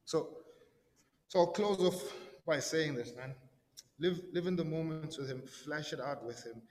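A man's voice: fairly high pitch, measured pace, a little mellow, long reverb tail. A man giving a casual, conversational sermon, slangy and full of "right?" tags and repeated words. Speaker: preacher.

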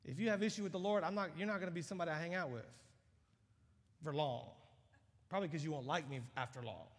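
Fiery preacher in a large reverberant hall. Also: male voice, a little high, fast talker. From United States. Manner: animated, rising to loud emphatic peaks. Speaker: guest preacher. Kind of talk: sermon. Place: large church auditorium.

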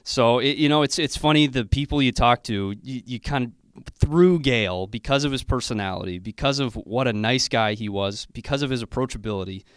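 A man's voice: medium pitch, fairly quick, smooth, dry recording, studio quality. A man telling fond stories about a late colleague, with fillers and heartfelt remembrance. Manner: warm anecdotal storytelling with fillers. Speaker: colleague sharing memories.

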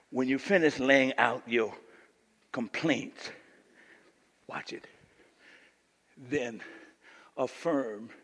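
A middle-aged man preaching a sermon as pastor in a church, shifting from hushed teaching to loud, animated preaching, recorded live. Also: medium pitch, husky, big-room sound.

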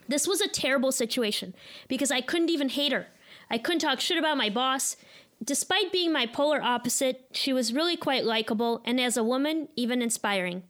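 A woman's voice: high-pitched, lively intonation, brisk, a bit bright. Wry woman in her thirties, Chicago accent. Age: 30s. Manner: candid, self-deprecating, wry. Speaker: storyteller. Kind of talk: live personal storytelling.

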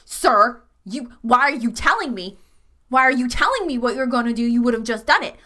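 A woman's voice: fairly high pitch, animated, brisk, pushed and bright. A woman playing a stubborn, defiant oni woman in a fine dress in a tabletop game, arguing and bossy.

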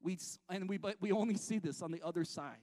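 Middle-aged male pastor with a high voice, giving an animated, joking sermon in church. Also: fast talker. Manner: lively, jokey preaching with restarts and acted-out quotes. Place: church sanctuary.

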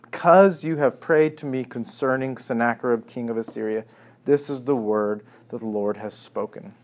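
Man preaching a lively Bible sermon. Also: medium pitch, normal speed. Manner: animated, acting out scripture quotes with sarcasm.

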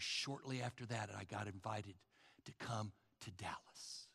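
A man preaching a sermon as pastor, swinging from loud calls down to hushed near-whispers. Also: fairly low pitch, animated, unhurried, vocal fry. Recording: long hall reverb.

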